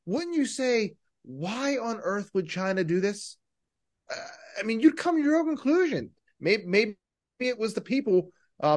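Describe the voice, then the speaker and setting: Podcast dude rambling about politics, lots of stop-start, pitch jumps around. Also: male voice. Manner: rambling, halting restarts, rhetorical questions. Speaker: podcast co-host. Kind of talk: casual political talk.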